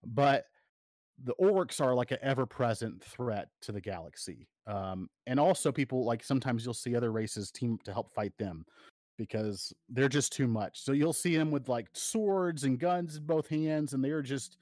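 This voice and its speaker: Heard here is a male podcast co-host in casual conversation, his medium-pitched, slightly mellow voice at a normal speed. He wanders as he talks, often restarting and using fillers, and the studio-quality audio has no echo.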